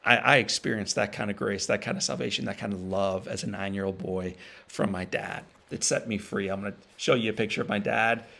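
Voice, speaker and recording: Gravelly-voiced man giving an inspirational speech. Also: on the low side, fairly even intonation, pushed and bright. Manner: emotional storytelling, pauses and repeats for emphasis. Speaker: motivational speaker. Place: virtual event stream.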